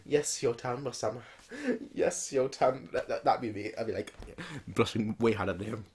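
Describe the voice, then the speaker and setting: A man's voice: mid-range voice, moderate pace, darkish tone, husky. A man hosting a manga reaction, reading the pages aloud with casual, playful asides.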